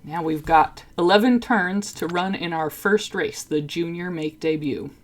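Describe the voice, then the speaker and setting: Laid-back woman streamer, lowish voice. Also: unhurried. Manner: chatty and laid-back, chuckling, talks to chat by name. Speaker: livestreamer. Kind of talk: casual stream chat and reading a game story aloud.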